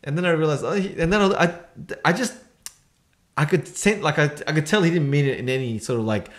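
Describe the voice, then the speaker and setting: An Australian man hosting a casual podcast, telling stories excitedly with many restarts. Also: fairly high pitch, brisk. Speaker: podcast host. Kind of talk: casual chat.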